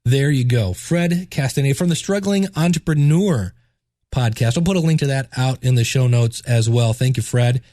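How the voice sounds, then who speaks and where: A man hosting a casual podcast, his voice stuffed up and congested, talking with excitement and often repeating words. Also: medium pitch, normal speed. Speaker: podcast host and teacher. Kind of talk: casual solo podcast talk.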